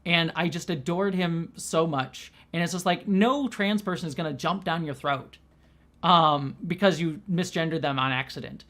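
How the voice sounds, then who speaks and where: With a fairly low, slightly bright voice at a moderate pace, a young adult woman who hosts and directs offers casual commentary. She rambles, leaning heavily on "like" and often starting sentences over.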